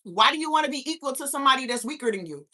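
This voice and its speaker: High, bright-voiced woman ranting. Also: expressive, rapid-fire. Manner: profane, incredulous, rhetorical questions. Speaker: host of a live talk stream. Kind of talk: casual live-stream rant.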